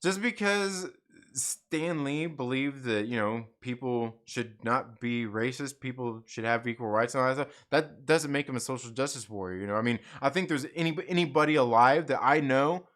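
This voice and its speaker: A man hosts a live stream, ranting casually about his opinions and rambling with lots of fillers, frequent laughs and swearing. His voice is medium-pitched and a bit bright, at normal speed.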